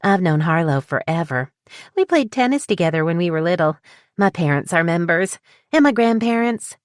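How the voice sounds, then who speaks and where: A woman's voice: fairly low pitch, expressive, moderate pace, dry recording, clean studio sound, lightly acted. A woman voicing a petite, bubbly wedding planner with a southern drawl who is eager to please. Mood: cheerful. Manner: upbeat, chatty, eager to please.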